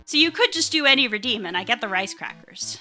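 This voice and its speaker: A woman's voice: fairly high pitch, expressive, fast talker, bright, forceful tone, soft background music. A young woman streaming a playful, casual self-introduction at a desktop mic, giggling and chatting with her viewers. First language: English. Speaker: VTuber streamer.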